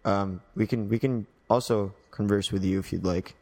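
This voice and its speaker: A young man co-hosting a podcast in casual chat, goofy and deadpan, trying out silly accent impressions. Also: fairly low pitch, normal speed. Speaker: podcast co-host.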